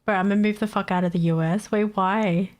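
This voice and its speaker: A woman's voice: medium pitch, fairly even intonation, fast. A woman streamer chatting casually, ranting with frequent swearing and laughter. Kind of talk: casual live-stream chat.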